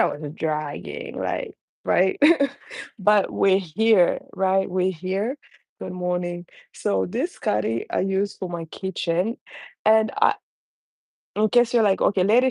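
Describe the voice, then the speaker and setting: A woman's voice: medium pitch, gravelly, darkish tone, no echo. A young adult woman with a non-native accent chatting casually and rambling on a live stream from her home kitchen. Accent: non-native English. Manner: chatty, rambling, frequent restarts. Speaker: caregiver mom vlogger.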